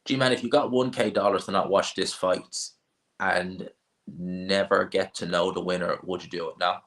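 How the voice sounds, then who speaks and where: A man's voice: deep voice, fairly even intonation, normal speed, fairly bright tone. A man hosting a boxing live stream, blunt and opinionated, rambling casually. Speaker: boxing channel host.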